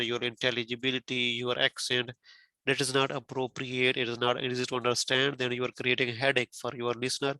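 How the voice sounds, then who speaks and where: A test prep teacher speaking English as a second language explains exam criteria carefully to a student, asking questions and going over points again. His voice is medium-pitched with a sharp tone, and there's no room sound.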